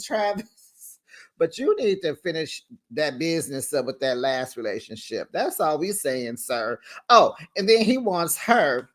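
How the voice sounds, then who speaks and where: Sassy, animated woman recapping reality TV. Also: deep voice. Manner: sassy, animated, talks straight to viewers with slang like "child" and "honey". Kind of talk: casual recap commentary.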